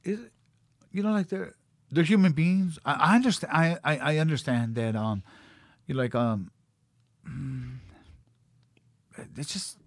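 A man's voice: a little high, measured pace, long pauses, no echo, studio quality. A middle-aged man in casual chat, blunt and profane, rambling through stories. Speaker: podcast guest, cutman.

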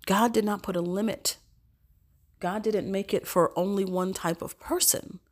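A woman with a stuffed-up cold, hosting a podcast, speaking an earnest evening prayer and then chatting casually, repeating phrases and sometimes dropping to soft whispers. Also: mid-range voice, fairly even intonation, a little slow. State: congested from a cold. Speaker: podcast host.

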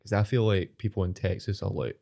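A man's voice: deep voice, fairly quick, vocal fry, dark tone. A Scottish man co-hosting a podcast, chatting casually with hesitant, stumbling starts in a studio. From Scotland. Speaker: podcast co-host. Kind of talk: casual chat.

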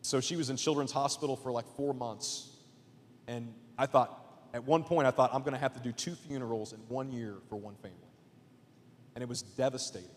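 A man preaching a sermon as a guest pastor in a church, casual and chatty, swinging between loud emphatic points and hushed asides. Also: medium pitch, steady tone, a little fast, long reverb tail, slight background noise. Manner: casual, chatty with fillers and jokes. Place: church auditorium.

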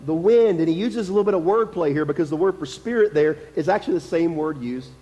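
A man's voice: fairly high pitch, quick pace, mellow, long reverb tail, poor audio. A male pastor preaching a sermon in a conversational, emphatic way, repeating his key phrases. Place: church sanctuary.

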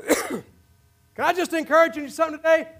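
High-voiced pastor preaching a sermon. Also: male voice, fairly quick. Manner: builds to shouted, preaching climaxes.

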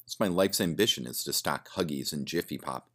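A man doing a gruff, sardonic barfly. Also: extremely low pitch, a little fast, fairly bright tone. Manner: sardonic, swearing, rambling. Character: gruff cynical man drinking in a bar.

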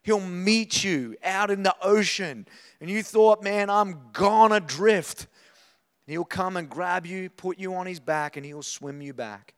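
A man's voice: high-pitched, unhurried, smooth, big-room sound. A man, preaching a passionate sermon and telling a personal story. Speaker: pastor.

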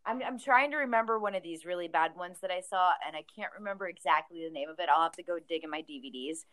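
A woman's voice: fairly low pitch, fast, fairly bright tone. A woman who owns a record store, chatting casually as a podcast guest, laughing often and acting out quotes.

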